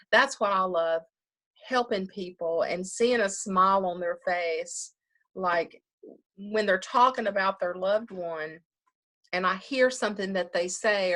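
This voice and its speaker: A woman's voice: on the low side, a bit bright. A woman funeral director talking casually in an interview, chatty, often laughing and acting out what people say.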